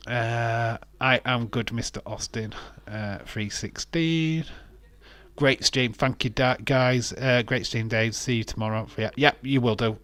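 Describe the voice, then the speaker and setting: A man's voice: mid-range voice, a bit bright, no echo. A man hosting a casual wrestling watch-along stream, rambling, laughing often and reading out viewer comments.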